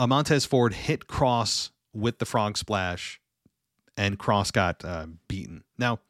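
A man's voice: medium pitch, no room sound. Opinionated man rambling in a dry room. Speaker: wrestling show reviewer. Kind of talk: casual commentary.

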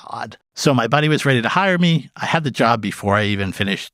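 Middle-aged man telling stories, animated. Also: quick pace, no room sound, studio quality. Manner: animated, acts out quoted dialogue with big pitch jumps; peppers speech with "like" and "you know". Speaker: interview guest. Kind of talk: casual storytelling.

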